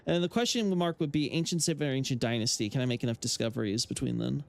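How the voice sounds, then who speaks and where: A man's voice: mid-range voice, fast talker, vocal fry. A man chatting casually about game lore while he plays on a stream, rambling with many fillers and restarts and giving blunt opinions. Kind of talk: casual live-stream chat while playing.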